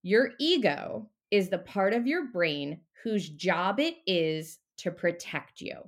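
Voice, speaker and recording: A woman talking as a mindset coach in a casual podcast interview, animated and a little profane. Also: lowish voice, slow.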